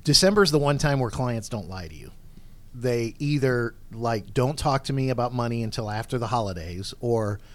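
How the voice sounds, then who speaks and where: A man's voice: mid-range voice, expressive, normal speed. Chatty male radio co-host. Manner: chatty, self-mocking, many fillers. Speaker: radio co-host and financial advisor. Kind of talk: casual radio talk show banter. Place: radio studio.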